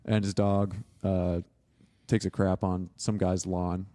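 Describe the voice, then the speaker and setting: A man's voice: deep voice, little pitch movement, slow pace, dark tone. A young man talking casually as a podcast guest, rambling and filling his speech with "like", laughing often. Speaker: podcast guest, film student. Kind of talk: casual interview chat.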